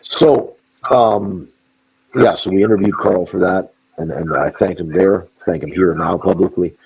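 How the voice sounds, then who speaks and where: A man's voice: low-pitched, measured pace, gravelly, a little mellow, slightly rough, low-quality recording. A man telling blunt, profane, emphatic stories as a guest in a wrestling interview, often restarting his words. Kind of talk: candid interview storytelling.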